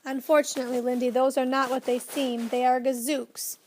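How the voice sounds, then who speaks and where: A woman voicing a fussy, excitable elderly male professor who speaks loudly and urgently in a children's storybook reading. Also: sits high, moderate pace, a little hiss or hum, lightly acted. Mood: warning. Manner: loud and urgent, easily flustered.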